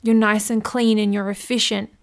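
A woman's voice: medium pitch, level tone, moderate pace. A woman hosting a solo business podcast, chatty and playful, acting out little scenes as she gives advice. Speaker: podcast host, business coach.

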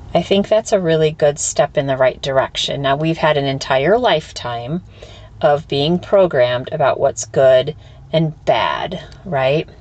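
A woman's voice: sits low, a little mellow. A woman hosting a solo spiritual podcast, talking candidly and thinking aloud, swearing freely and restarting her sentences. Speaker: podcast host and spiritual teacher. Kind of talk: reflective solo podcast talk.

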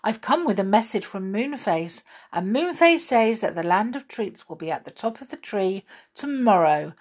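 A woman's voice: medium pitch, animated, normal speed, breathy edge. A woman voicing a polite, eager little male red squirrel in a storybook.

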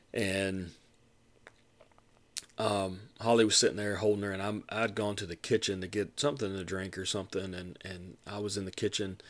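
Low-voiced man telling a rambling story. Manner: rambling, many restarts, rises to animated retelling of quotes. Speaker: podcast host. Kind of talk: casual personal storytelling.

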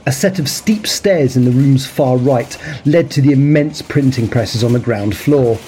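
Mellow-voiced man narrating a story. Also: fairly high pitch, a little hiss or hum. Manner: measured, expressive narration. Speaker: story reader. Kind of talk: ambient story reading. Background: faint ambient sound.

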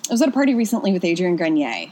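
A woman in her thirties, originally from Pennsylvania, talks as a guest on a casual chat show. Her voice sits a little low, and her storytelling is animated and full of restarts and asides. She works as a personal trainer. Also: racing, a little hiss or hum. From Pennsylvania, USA.

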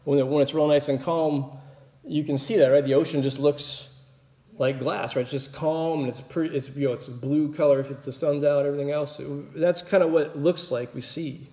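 Mellow man teaching in an echoey room. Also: on the high side, fairly quick. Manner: relaxed, explanatory, often checks in with "right?". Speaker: Bible teacher. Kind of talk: conversational Bible teaching.

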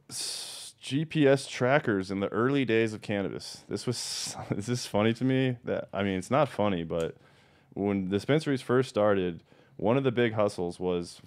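A man hosting a podcast, telling blunt, profanity-laced stories in a casual chatty way. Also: lowish voice. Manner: profane, blunt, animated storyteller. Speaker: podcast host. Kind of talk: casual storytelling.

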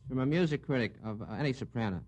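A man on a radio quiz panel, answering with quick wisecracks and quips. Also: mid-range voice, expressive, darkish tone, slight background noise.

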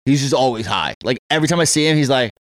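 A man's voice: medium pitch, racing, dry recording. A man co-hosting a casual talk show, telling a story with plenty of swearing and laughter, acting out others' lines in raised voices. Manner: animated, acts out quotes in raised voices; profane, laughs often. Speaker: podcast co-host.

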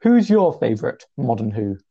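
Gravelly young man, chatty co-host. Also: moderate pace, highs cut off. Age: 20s. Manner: chatty, self-deprecating, lively pitch jumps. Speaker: podcast co-host. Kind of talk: casual chat.

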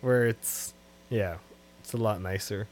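A man's voice: on the low side, unhurried. Man, easygoing podcast co-host. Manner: relaxed, trailing off, laughs often. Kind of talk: casual chat.

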